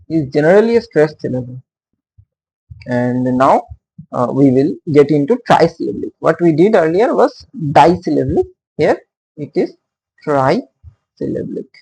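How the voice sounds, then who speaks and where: A man teaching poetry meter in a lecture, speaking haltingly with many fillers and frequent "okay" checks, and sounding out stress patterns aloud. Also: a little high, creaky, darkish tone, slightly rough, poor audio. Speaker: literature teacher. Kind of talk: explanatory lecture.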